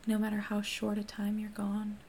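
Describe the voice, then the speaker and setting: A woman whispering the lines of a calm young woman vampire seer in a whispered role-play, in a soft murmur. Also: mid-range voice, moderate pace, slight background noise, close to an everyday voice. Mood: gentle.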